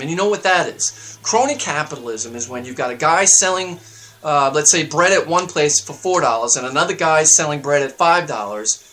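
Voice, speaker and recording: A man hosting his own show, delivering a heated political rant that swings up into loud, high outbursts. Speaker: show host. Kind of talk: ranting political monologue.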